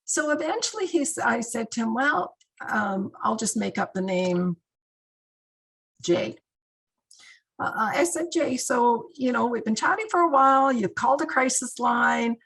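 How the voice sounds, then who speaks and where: A woman's voice: on the high side, animated, unhurried, vocal fry, slightly rough, low-quality recording. A middle-aged woman, a guest speaker in crisis intervention, telling stories conversationally in a training session over a video call. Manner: warm, conversational, with many fillers. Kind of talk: training talk with storytelling.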